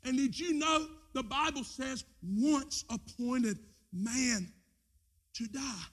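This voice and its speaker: Male pastor, high voice, impassioned church sermon with big swings in volume. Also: takes it slowly. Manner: impassioned preaching, swinging between shouts and low asides. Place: church with a screen.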